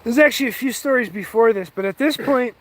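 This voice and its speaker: A man's voice: very high voice, fast talker. A man telling a rambling, heated story with lots of swearing, in a casual, offhand way. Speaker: vlogger.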